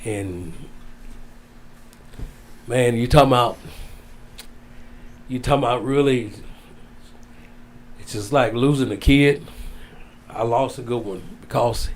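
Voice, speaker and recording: A man telling a heartfelt story as a guest, drawn out, dropping low and soft on the sad parts. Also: slow, pauses often. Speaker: wrestling guest. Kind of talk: storytelling in casual interview.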